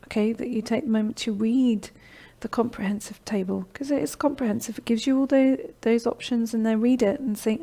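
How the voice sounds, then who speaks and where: A middle-aged woman hosting a live online course session, pitching her program with encouragement and often checking in with "okay?". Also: steady tone, brisk, gravelly, hardly any pauses, mellow. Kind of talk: live-streamed sales pitch and Q&A.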